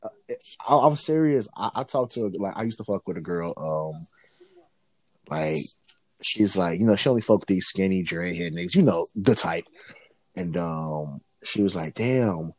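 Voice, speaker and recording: A man in casual chat, telling profane, animated stories as a co-host. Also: low voice, normal speed, no room sound. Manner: animated, profane, lively storyteller.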